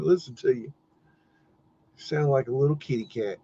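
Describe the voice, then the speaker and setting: A man's voice: mid-range voice, a little slow, long pauses, dark tone. Casual male stream host, rambly, laughs a lot, salty language. Muffled lo-fi audio, faint hiss. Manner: rambling, laughing, swearing, talks to his dog. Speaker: livestream host. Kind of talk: casual livestream commentary.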